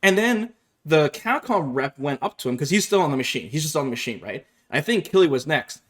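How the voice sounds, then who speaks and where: Animated storytelling gamer guy. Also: fairly quick. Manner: animated, laughs often, acts out others' lines in high voices. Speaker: gaming video host. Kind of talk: casual storytelling to camera.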